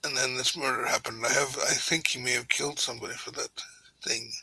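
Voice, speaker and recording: An actor voicing a cagey adult character who hedges and hesitates, in a tabletop game. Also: male voice, mid-range voice, fairly even intonation, a little fast, gravelly, pushed and bright, slightly rough, no room sound, exaggerated voice, low-quality recording. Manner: hesitant, hedging.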